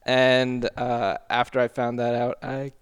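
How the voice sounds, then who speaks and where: A man telling a painful personal story on a podcast, halting and earnest, often apologizing. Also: medium pitch, monotone, clear, resonant tone. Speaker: podcast regular.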